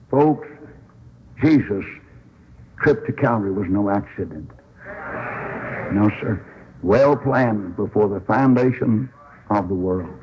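This old-time revival preacher speaks slowly in a lowish voice, leaving long pauses, on a lo-fi radio recording with a bit of hiss or hum. He tells Bible stories folksily, voicing the characters and swinging up into shouts.

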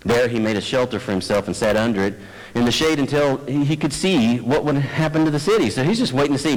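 A man's voice: mid-range voice, fast. A man preaching a sermon as pastor, conversational and self-deprecating, addressing his congregation. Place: church sanctuary. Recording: long church hall reverb.

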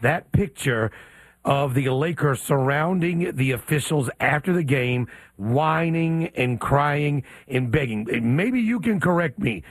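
A man's voice: fairly high pitch, animated, unhurried, no room sound. A man co-hosting a sports talk radio show, firing off pointed rhetorical questions.

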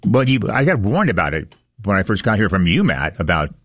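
Male co-host, very deep and animated, short wry interjections, dry mic. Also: a little fast, no echo. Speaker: radio co-host. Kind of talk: casual talk radio chat.

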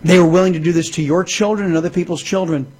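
A man's voice: high voice, steady tone, fast, darkish tone, husky. A man hosting a talk radio show, delivering an emphatic, indignant political monologue with lots of repetition into a studio microphone.

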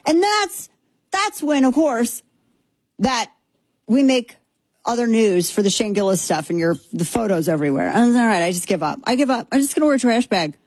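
A woman's voice: a little high, moderate pace, dry recording. A woman in her thirties from Texas hosting a casual opinion show, sarcastic and emphatic, repeating herself for effect. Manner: animated, sarcastic, emphatic repetitions. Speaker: commentary show host. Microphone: headphones.

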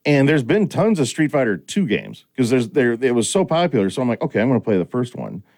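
A middle-aged man chatting casually as a host, with a lively, swooping delivery. He tells stories and acts out the lines he quotes. His voice sits at an ordinary pitch for a man. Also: fast talker. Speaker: podcast host. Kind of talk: casual chat.

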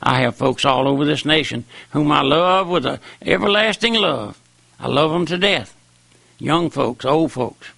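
A man's voice: fairly high pitch, expressive, a little slow, gravelly, a bit bright, dry recording. An older man preaching a folksy, rambling sermon with rising and falling emphasis. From raised on a farm. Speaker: preacher on radio.

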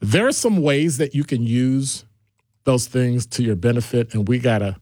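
A man hosting a radio talk show in a casual, animated way, with playful asides as he moves between topics. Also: mid-range voice, normal speed, dry recording, clean studio sound.

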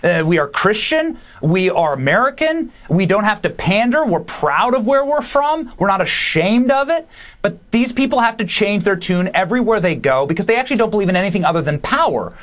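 A man, a podcast host appearing as a guest, delivering emphatic, opinionated political commentary in quick bursts. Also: high voice, sing-song, a bit bright. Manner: emphatic, fast bursts, dismissive.

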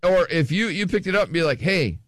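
A man's voice: high-pitched, fast, a bit bright, dry recording, studio quality. A man hosting a radio show, chatting casually and joking, often trailing off and restarting. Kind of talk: casual chat.

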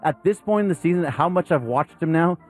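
A man's voice: fairly high pitch, fairly quick, soft background music. Blunt man on sports talk radio. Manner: blunt, animated, mocks players with put-on whiny voices.

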